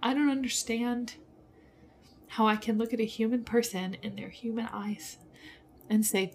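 A woman's voice: on the high side, unhurried, darkish tone, slight background noise. Frustrated woman venting on a podcast. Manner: frustrated, venting, with bitter laughs. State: emotional, on the verge of tears. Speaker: podcast host. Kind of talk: personal podcast monologue.

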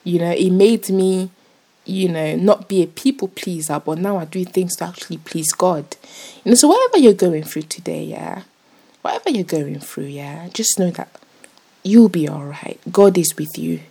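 Her voice is on the low side, dark and creaky with a breathy edge, animated at normal speed. The young vlogger chats earnestly to camera about faith, rambling with lots of fillers and restarts.

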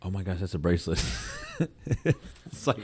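A man's voice: low voice, very animated, moderate pace, mellow, breathy edge. A man co-hosting a casual podcast, joking and calling people dude. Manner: joking, says dude a lot. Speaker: podcast co-host. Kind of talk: casual banter.

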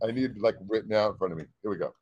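A man's voice: fairly low pitch, very fast, a little mellow, husky, no room sound, highs cut off. A man chatting as a guest in a casual interview, stumbling over words and laughing at his own slips. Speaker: guest musician.

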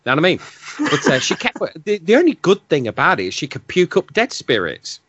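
A man from England co-hosts a podcast in casual, blunt chat. His pitch swings widely as he talks, and he laughs often. The recording is dry and a little dull. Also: wildly swooping pitch, brisk, fairly bright tone, breathy edge, dry recording. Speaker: podcast co-host.

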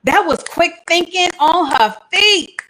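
A woman teaching the Bible to an online audience in a chatty, animated way, thinking aloud and tossing in slang asides. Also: very high-pitched, slow pace, low-quality recording.

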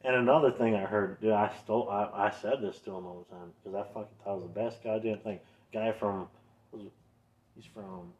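A young man with a Minnesotan accent co-hosts a casual podcast in a lowish, slightly mellow voice. He tells loose stories heavy with profanity and laughs along the way, and the recording sounds dull and lo-fi.

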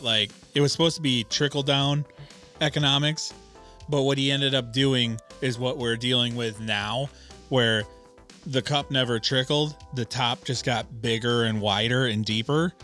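A man's voice: medium pitch, fairly even intonation, unhurried, sharp tone, faint music behind. A man co-hosting a podcast in casual banter. He explains things at length and swears freely. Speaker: podcast co-host.

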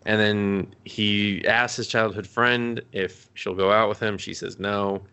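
A man's voice: lowish voice, steady tone, a little slow, sharp tone, smooth. A man co-hosting a casual podcast, rambling through an anime recap, swearing a lot and acting out the characters' lines. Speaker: podcast co-host.

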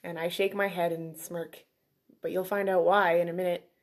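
A woman's voice: lowish voice, level tone, normal speed. A woman co-hosting a coffee podcast in casual chat, teasing and playful. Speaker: podcast co-host.

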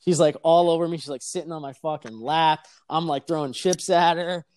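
A young man telling a casual, profane story on a podcast, animated and laughing as he talks. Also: fairly high pitch, brisk, clean tone, no room sound, studio quality. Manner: animated, swears constantly, laughs mid-sentence.

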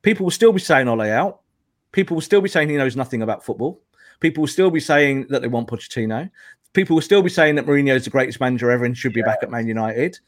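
A man's voice: medium pitch, quick pace, dry recording. Emphatic man arguing football, dry sound. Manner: emphatic, argumentative, lecturing. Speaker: guest football pundit. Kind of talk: podcast football discussion.

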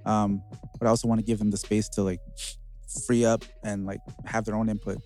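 A man's voice: lowish voice, little pitch movement, brisk, mellow, soft background music. A man who is a musician and bandleader, talking in an easygoing, casual way and often saying "man" and "like". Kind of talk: casual podcast chat.

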